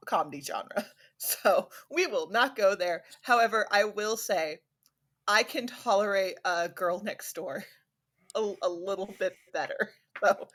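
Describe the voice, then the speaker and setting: A woman's voice: mid-range voice, sharp tone. A woman guesting on a podcast in casual chat, talking loosely with fillers and little laughs. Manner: chatty, laughs between phrases, lots of fillers.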